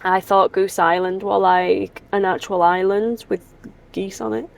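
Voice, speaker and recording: A woman's voice: mid-range voice, steady tone, a little slow, vocal fry. A woman, chatting casually and rambling animatedly as she talks to her vlog audience. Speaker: vlogger.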